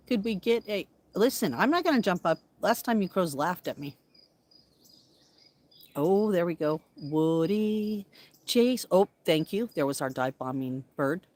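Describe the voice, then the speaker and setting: A woman with a low, rugged voice chats casually with her viewers outdoors in her backyard, breaking into a playful singsong to call to the animals. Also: lively intonation, unhurried, pauses often, a little mellow, a little hiss or hum. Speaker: vlogger. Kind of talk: casual live chat with viewers.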